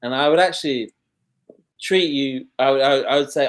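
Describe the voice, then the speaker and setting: A man's voice: medium pitch, normal speed. A man with a London accent, talking in a casual conversation, blunt and rambling, with many false starts. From London, England.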